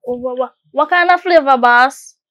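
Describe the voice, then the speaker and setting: A woman's voice: high voice, moderate pace, a bit bright. An actress playing a scheming Jamaican woman who switches between patois and standard speech. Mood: sly. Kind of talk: indie film acting.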